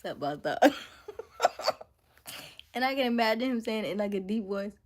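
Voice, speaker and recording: A young woman chatting casually on a live stream, laughing often and dropping into soft whispered asides as she reacts to chat. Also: on the high side, moderate pace.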